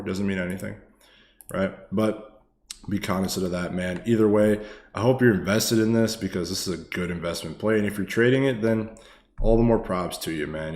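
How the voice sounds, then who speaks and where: A man giving casual live-stream stock chart commentary, excitable and loose, swearing freely and tagging lines with "man" and "okay.". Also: sits low, roomy sound, a little hiss or hum.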